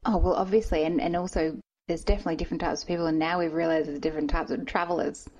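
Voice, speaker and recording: Husky woman host on a dull line. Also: low-pitched, steady tone, rapid-fire, dark tone. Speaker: podcast host. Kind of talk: casual interview chat. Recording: dull lo-fi recording.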